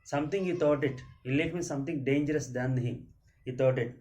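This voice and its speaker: Indian English teacher explaining a story. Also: male voice, medium pitch, fairly quick, dark tone. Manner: reads lines aloud, then paraphrases with many fillers and restarts. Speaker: school teacher.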